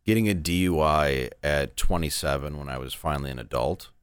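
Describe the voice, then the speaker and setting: A man's voice: rumbling low, brisk, clear, resonant tone, dry recording, clean studio sound. A man in his thirties, a stand-up comedian, telling candid, rambling stories in a casual interview.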